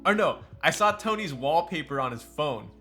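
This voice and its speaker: A male streamer with a bright, sharp voice chats loosely with his viewers. He jokes, answers chat and laughs as he goes. Soft music plays faintly behind him. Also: fairly high pitch, animated, moderate pace. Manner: chatty and joking, replies to chat, laughs often. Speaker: live streamer building a keyboard. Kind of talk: casual live-stream chat.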